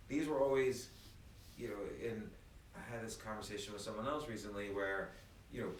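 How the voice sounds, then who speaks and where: A man's voice: lowish voice, slight background noise. A man talking as a guest in a casual conversation, telling stories with lots of restarts, recorded on a phone in an apartment room. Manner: animated storyteller, many restarts. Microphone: phone recording from across the room. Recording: echoey room, distant phone mic, faint ambience.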